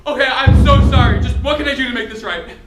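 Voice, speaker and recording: A woman's voice: high-pitched, fast, natural voice. A woman playing a disgraced young detective on stage, pleading and prone to emotional outbursts. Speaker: stage performer. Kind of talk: live solo stage play. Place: college stage. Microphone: far camera. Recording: distant echoey stage recording with loud music.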